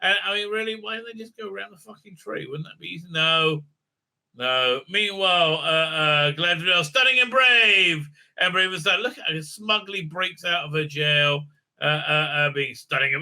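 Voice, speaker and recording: A man ranting his way through a TV episode recap, sarcastic and profane, with constant "uh, uh" fillers. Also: moderate pace. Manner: lively pitch swings for mocking asides. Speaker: show host reviewing a TV episode.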